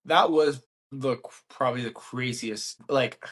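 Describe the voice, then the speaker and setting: A man co-hosting a podcast, telling a story in casual chat, animated and laughing as he acts out what people said. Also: medium pitch, unhurried. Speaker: podcast co-host.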